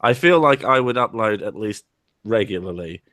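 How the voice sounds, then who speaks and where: British guy on a voice call, lowish voice, dry close sound, crude teasing. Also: animated, moderate pace, fairly bright tone, no echo. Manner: crude, teasing, laughs often. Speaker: stream guest. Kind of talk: casual banter. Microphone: online voice chat.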